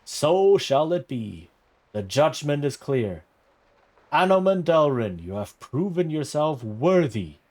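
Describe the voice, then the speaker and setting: A man doing a booming, stately priest. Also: big pitch swings, heavily acted. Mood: ceremonial. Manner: loud, slow, ceremonial. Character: booming, stately priest presiding over a knighting.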